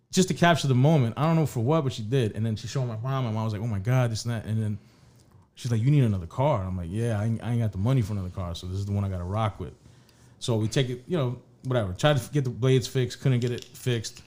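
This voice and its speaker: Man, casual podcast chat, rambling storyteller, swears a lot, mid pitch. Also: a little mellow. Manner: rambling, profane, restarts often. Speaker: podcast co-host.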